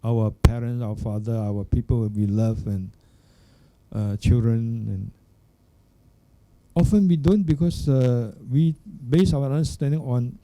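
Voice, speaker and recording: An older man, a Buddhist monk, giving a dharma talk in an unhurried way, pausing to search for words and checking in with the listeners. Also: medium pitch, warm tone. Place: Buddhist centre hall.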